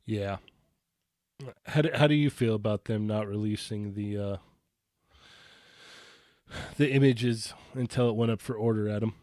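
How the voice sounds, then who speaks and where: A man co-hosting a live toy collecting podcast, relaxed and agreeable, with hesitant restarts and questions for the others. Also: lowish voice, a little slow, pauses often, dry recording, studio quality. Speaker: co-host of a toy collecting show. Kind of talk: casual live podcast chat.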